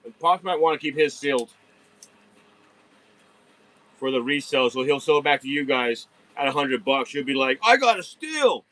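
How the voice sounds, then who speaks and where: A man's voice: medium pitch, fairly even intonation, normal speed, long pauses, a bit bright, no room sound, poor audio. A man hosting a live online sale of diecast cars from a warehouse at night, chatting casually with viewers and hyping each pull. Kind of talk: casual live-stream sales chat.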